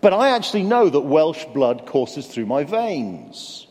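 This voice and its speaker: A man's voice: fairly high pitch, very animated, a little slow, darkish tone. An English man preaching a sermon, earnest and conversational, with self-deprecating humor. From England. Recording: long hall reverb.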